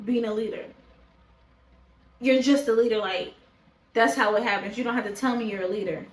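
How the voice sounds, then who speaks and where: A woman's voice: fairly high pitch, reverberant, slight background noise, low-quality recording. A woman reviewing a reality show in casual chat to camera, blunt, profane and opinionated. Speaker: show reaction vlogger. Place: indoors, talking to a camera.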